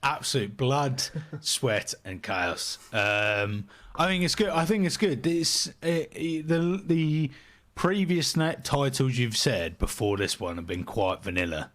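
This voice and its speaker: A young man bantering as a podcast co-host, jokey and playful. His pitch bounces around with lots of lift and fall. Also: lively intonation, slow, fairly bright tone. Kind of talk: casual chat.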